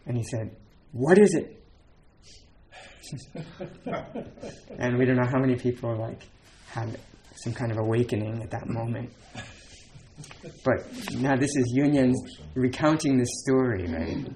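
A man's voice: mid-range voice, moderate pace, darkish tone. Zen teacher guy chatting thru a dharma talk, lots of um and like, mid voice, bit of hiss. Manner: casual, lots of "like" and "um", laughs between points.

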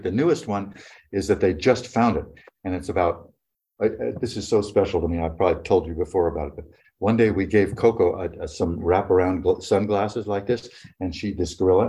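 This older man's voice is low and mellow as he tells drawn-out stories from his own life. It's relaxed, reflective storytelling that meanders, with plenty of "you know" thrown in.

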